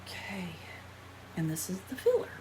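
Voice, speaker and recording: A woman's voice: medium pitch, wildly swooping pitch, normal speed, warm tone, a little hiss or hum. An American woman chatting casually in a haul vlog while trying on makeup, rambling and poking fun at herself. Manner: chatty, rambling, self-deprecating. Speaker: vlogger.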